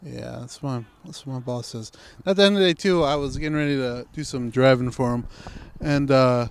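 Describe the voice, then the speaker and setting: Man, casual podcast chat, laid-back, rambling, smooth clear voice. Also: mid-range voice, brisk. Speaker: podcast co-host.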